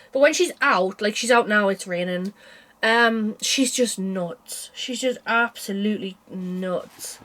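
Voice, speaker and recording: A woman's voice: fairly high pitch, fairly bright tone. A young woman chatting casually about cross stitch designs, tired and yawning, rambling with small laughs. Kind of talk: casual chat.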